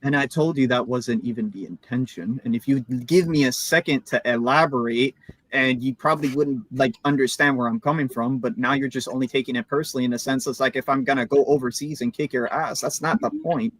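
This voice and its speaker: A defensive male guest arguing his side in casual slang, swearing as he goes. His voice is mid-pitched and the sound is dry and close, with no room around it. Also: a little fast, a bit bright, no echo, rough recording. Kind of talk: heated casual discussion.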